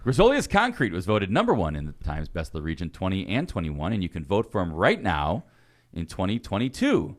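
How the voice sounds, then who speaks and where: A man co-hosting a podcast, reading sponsor ads in a lively, casual way. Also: sits low, fairly quick. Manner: lively, laughs between reads. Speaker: podcast co-host.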